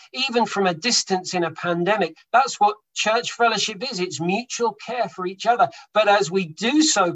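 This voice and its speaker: A man's voice: high-pitched, low-quality recording. A man preaching a sermon to his congregation, emphatic, swelling and dropping his volume for stress. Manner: emphatic, rises and drops in loudness for stress.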